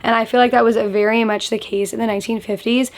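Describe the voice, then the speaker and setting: A young woman chats about the books she has been reading. She sounds enthusiastic and casual, with many "like" fillers, and her voice sits fairly high. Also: little pitch movement, fast talker. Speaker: book vlogger. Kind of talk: casual book review vlog.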